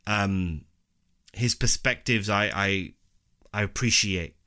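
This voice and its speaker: A man hosting a podcast in casual, relaxed chat. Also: on the low side, slow. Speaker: podcast host.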